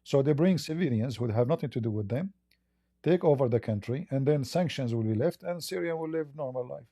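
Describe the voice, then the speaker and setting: Dark-voiced man grilling a caller. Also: medium pitch, animated, no room sound, studio quality. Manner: halting, repeats words, blunt probing questions. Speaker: debate host. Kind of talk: live call-in debate.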